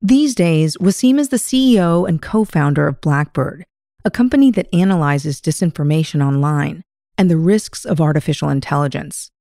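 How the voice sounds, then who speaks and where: Lady podcast host reading news script, low-ish mellow voice, calm and measured. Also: vocal fry, no echo, studio quality. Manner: measured, explanatory.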